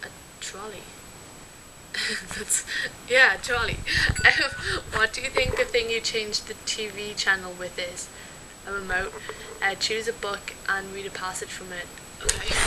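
Giggly young Dublin woman, noisy recording. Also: mid-range voice. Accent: Dublin Irish. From Dublin, Ireland. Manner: chatty, giggly, scattered with fillers. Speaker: vlogger. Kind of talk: casual word-list accent challenge.

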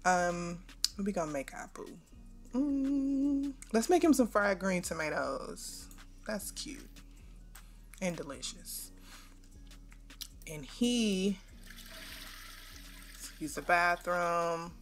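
A woman giving casual, slangy, animated commentary over a game she is playing. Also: fairly low pitch, measured pace, pauses often, faint music behind. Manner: chatty, slangy, animated storytelling. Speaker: gameplay narrator.

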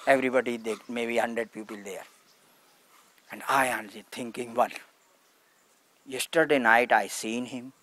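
A man's voice: medium pitch, fairly even intonation, unhurried, long pauses, a bit bright, no room sound. A man, a spiritual teacher speaking in simple broken English with short repeated phrases at a satsang. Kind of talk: satsang talk to a gathering.

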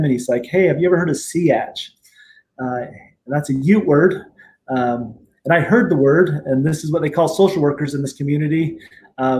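A middle-aged man talks as a guest in a casual interview, wandering through his stories with plenty of fillers and restarts. His voice sits a little on the high side for a man. A faint hiss is heard behind him. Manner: relaxed, rambling, frequent fillers and restarts. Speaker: guest attorney and tribal judge.

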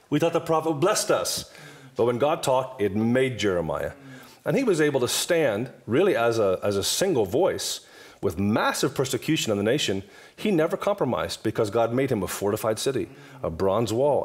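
A man in his fifties, a guest minister, talking in an emphatic, repetitive preaching cadence during a table talk. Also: mid-range voice. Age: 50s.

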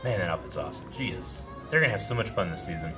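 A man's voice: low-pitched, racing, recorded from a distance, music in the background. A man co-hosting a reaction show, chatting casually and exclaiming often. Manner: excitable, exclaims and laughs often.

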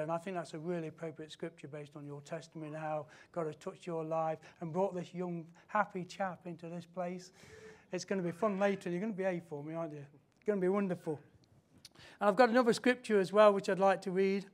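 A British man, a pastor, leading a child dedication in a church service, mixing light jokes with slow, deliberate scripture reading. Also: high voice, fairly even intonation. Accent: British English. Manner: warm, jokey asides mixed with slow scripture reading.

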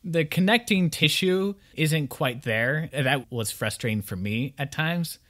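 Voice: medium pitch, expressive, a little slow, fairly bright tone. A podcast co-host discussing a book thoughtfully, sometimes repeating words while thinking.

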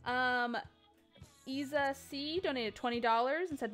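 Young woman, stream host, fairly high voice, chatty, giggly. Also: measured pace, a bit bright, faint music behind. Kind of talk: casual gaming stream chat.

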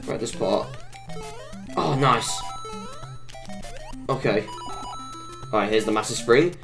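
A woman giving excitable, self-mocking commentary while playing a video game, often exclaiming at what happens on screen. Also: rumbling low, slow, music in the background. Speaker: gaming YouTuber. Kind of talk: let's-play commentary.

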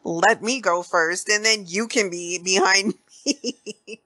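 A woman's voice: mid-range voice, slow, bright, forceful tone, no room sound. A woman voicing an exasperated, level-headed male prospector who talks bluntly.

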